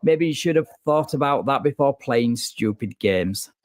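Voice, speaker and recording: A man's voice: medium pitch, animated, measured pace. A man narrating a video in a scripted, sarcastic and scornful way.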